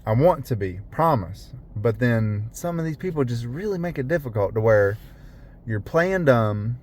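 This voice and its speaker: A man's voice: medium pitch, lively intonation, a little slow, a little hiss or hum. A young man, a rideshare driver, rambling in a casual vlog from his parked car, full of fillers and restarts.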